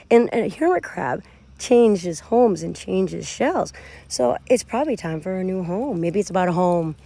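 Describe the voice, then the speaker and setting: A woman's voice: mid-range voice, gravelly. A woman giving a casual tarot reading, talking straight to her viewers as she turns the cards. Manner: animated, talks straight to viewers. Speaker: tarot reader.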